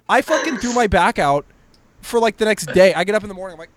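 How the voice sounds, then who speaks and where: A young man with a high voice tells crude, animated stories on a comedy podcast. He swears freely and acts out scenes with sound effects. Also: a little fast. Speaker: podcast host. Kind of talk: casual comedic storytelling.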